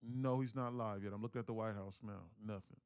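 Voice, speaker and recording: A man's voice: on the low side, fairly even intonation, brisk, a little mellow, clear, resonant tone, no room sound, muffled recording. A man talking casually to his livestream audience, telling a story animatedly in street slang. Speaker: day trading livestreamer.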